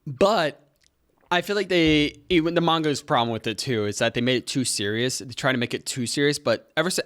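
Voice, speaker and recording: Rambling young man, lively pitch. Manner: rambling, joking, loses his train of thought. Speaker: podcast co-host. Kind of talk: casual chat.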